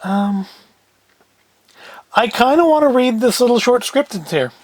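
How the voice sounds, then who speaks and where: A man's voice: extremely high pitch, expressive, unhurried, no room sound. A man hosting a casual solo talk, who rambles and thinks aloud in a chatty way. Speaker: host.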